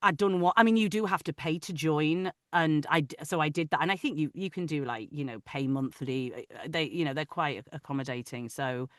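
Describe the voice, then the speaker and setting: A woman with a Manchester accent, an audiobook narrator chatting in an interview over a video call; she laughs often and lets her sentences trail off softly. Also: deep voice, a little fast, hardly any pauses, no room sound, studio quality. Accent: Manchester English. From Manchester, England. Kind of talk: casual interview chat.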